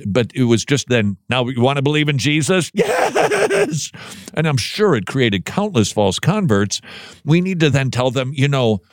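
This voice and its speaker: A man's voice: medium pitch, no echo, clean studio sound. A man hosting a Christian commentary show, reading news items aloud and reacting in a conversational way, often restarting with repeated words.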